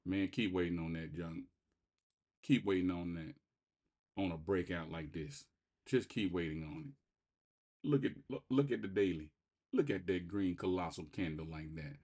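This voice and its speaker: A low-voiced man hosts a trading channel, giving live market commentary over his screen. He's excitable and rambling, repeating himself and swinging between loud bursts and quiet muttering.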